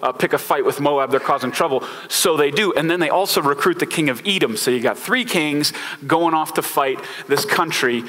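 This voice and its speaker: Chatty pastor with a bright voice. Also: male voice, a little high, normal speed, big-room sound. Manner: relaxed, chatty, many fillers, informal slang. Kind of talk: casual conversational sermon.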